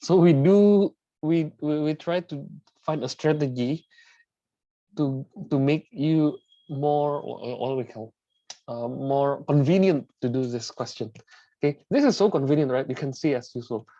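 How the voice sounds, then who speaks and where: A man's voice: a little high, unhurried, warm tone, no echo. Man teaching math, dull lo-fi sound. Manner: repeats words and restarts, asks "right?" after steps. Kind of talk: tutorial lesson working through examples.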